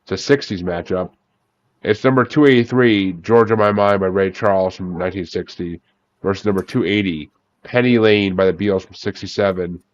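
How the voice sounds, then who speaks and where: A man's voice: sits low, moderate pace, no room sound, muffled recording. A man hosting a casual music podcast, swearing freely as he calls on each guest by name over an online call. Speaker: podcast host. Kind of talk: casual bracket chat with guests.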